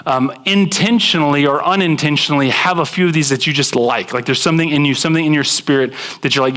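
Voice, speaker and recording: A young man preaching a conversational sermon to a church congregation, acting out quoted spouses in animated bursts. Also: fairly high pitch, fast talker, hardly any pauses. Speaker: pastor. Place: church sanctuary with live congregation.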